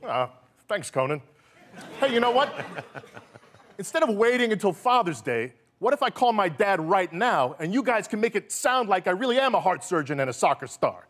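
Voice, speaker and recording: A man, a cameraman on a talk show, doing a comedy bit in a deadpan yet eager way while giving bossy instructions. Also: high voice, moderate pace. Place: TV studio stage. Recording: live studio audience behind.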